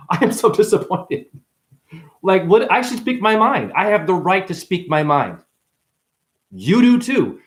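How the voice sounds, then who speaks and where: A man's voice: high-pitched, big pitch swings, slow, long pauses. A man hosting a livestream, talking straight to his chat, passionate and defensive, swinging between agitation and making peace. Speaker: livestream host. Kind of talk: heated livestream chat reading comments.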